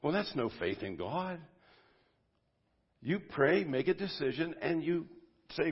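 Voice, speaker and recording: Male pastor, husky mid-pitched voice, informal sermon at a church service, dull lo-fi recording. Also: expressive, measured pace, long pauses. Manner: conversational, swinging from loud bursts to quiet asides. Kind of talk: informal sermon to a men's group.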